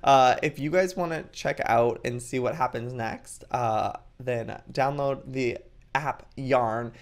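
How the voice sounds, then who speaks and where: A man's voice: mid-range voice, slow pace. A young man hosting a video, reading creepy chat stories aloud and reacting with frequent gasps and exclamations. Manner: excitable, gasping and exclaiming often. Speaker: YouTube host.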